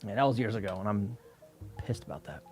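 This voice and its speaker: A man's voice: fairly low pitch, fast talker, darkish tone, breathy edge, faint music behind. A man streaming while scanning old workbooks, ranting about a utility bill in casual, heavily profane chat.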